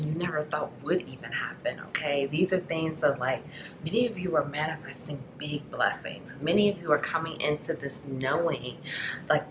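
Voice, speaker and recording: A woman with a low voice gives a spiritual tarot reading, talking in an affectionate, rambling way full of fillers. Now and then she drops into a soft whisper. She is recorded in an echoey room with steady noise behind her. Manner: affectionate, rambling, many fillers like "like" and "you know". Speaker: tarot reader.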